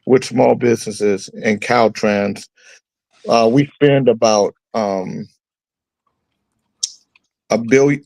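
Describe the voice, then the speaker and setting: A man talking casually on a morning show, rambling through dates and details with plenty of ums and restarts. His voice sits at an ordinary pitch and sounds close and dry. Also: creaky, a little mellow, no echo, poor audio. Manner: rambling, explains plainly with many fillers. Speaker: show host calling in. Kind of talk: casual radio chat by phone. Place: on a phone line, away from the studio. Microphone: phone.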